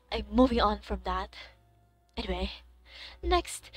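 A young woman streaming a game, chatting casually with her viewers, excitable and swearing freely. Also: very high voice, very slow, long pauses. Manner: excitable, swears freely, gasps and shrieks in surprise.

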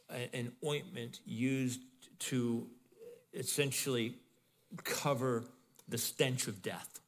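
A male pastor giving a sermon in a conversational, animated way, with asides to the congregation. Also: mid-range voice, in a large hall. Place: church in Arizona.

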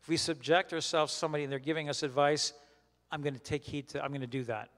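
A man leading a Bible study as a pastor, teaching in a conversational, halting way with many restarts and questions put to the group. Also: on the high side, fairly even intonation, a bit bright, long reverb tail. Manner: questions the group and repeats their answers.

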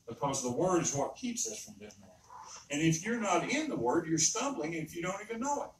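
A man's voice: sits high, big pitch swings, a little fast, slight background noise. A man preaching an earnest, emphatic sermon in a church, often repeating his points. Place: church sanctuary. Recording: roomy echo, speaker far from mic.

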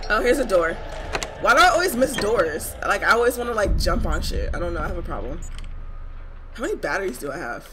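A woman's voice: medium pitch, very animated, brisk, over music. A woman giving let's-play commentary, jumpy and swearing, who shrieks when she gets scared. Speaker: gamer.

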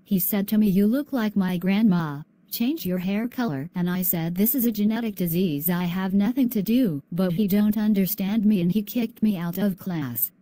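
A female student voicing a young schoolgirl who is bullied, speaking softly and earnestly in a class video. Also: mid-range voice, normal speed, few pauses, dry recording, natural voice. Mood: sad. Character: young bullied albino schoolgirl, sad and gentle.

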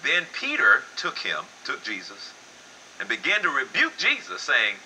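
An older man delivers a sermon. His voice is very bright and forward, and he swings from low, hushed lines to loud, high-pitched exclamations. A faint noise sits under the recording. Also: wildly swooping pitch, unhurried, rough recording. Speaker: pastor.

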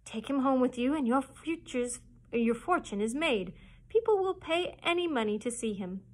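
A woman's voice: high-pitched, lively intonation, normal speed, voice pushed up. A woman voicing a proud monkey presenting a rare creature in a storybook read-aloud. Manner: proud, persuasive.

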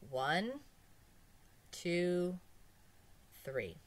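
A sly, calm hypnotist doctor, as a woman reading a storybook puts him on. He speaks slowly and softly, drawing out each word in a low, hushed voice. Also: heavily acted. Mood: soothing hypnotic. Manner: slow, soothing, hushed.

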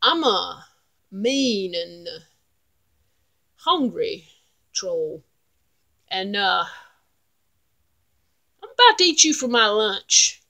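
A woman's voice: medium pitch, very animated, very slow, vocal fry, long pauses, bright, forceful tone, full character voice. A woman with a Southeastern North Carolina accent voicing a mean, hungry male troll who grumbles bluntly. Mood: menacing.

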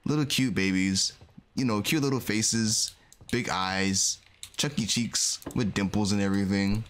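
A man casually commentating a game he is playing, animated and exclaiming as he reacts. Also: lowish voice, unhurried, a little hiss or hum. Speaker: gaming video host. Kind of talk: casual let's-play commentary.

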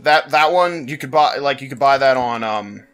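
A man's voice: medium pitch, normal speed, fairly bright tone, clear, resonant tone, faint music behind. A man giving let's-play commentary, exasperated and exclaiming as he struggles, breaking into laughs and sighs. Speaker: gaming channel host.

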